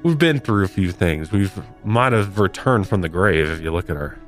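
A man's voice: low voice, lively intonation, moderate pace, faint music behind. A man hosting a comedy podcast, telling a paranormal story with mock-dramatic flair. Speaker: podcast host.

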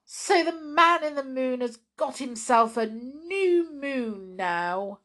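Woman doing a squeaky frightened little mouse. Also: expressive, slow pace, a bit bright, heavily acted. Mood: tearful relief. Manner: squeaky, fretful and stammering. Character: timid greedy little male mouse.

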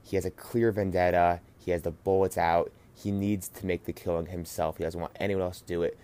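A man's voice: deep voice, little pitch movement, brisk, mellow, smooth. A man co-hosting a podcast, talking earnestly with frequent hesitations and fillers. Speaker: podcast co-host. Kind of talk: casual podcast discussion.

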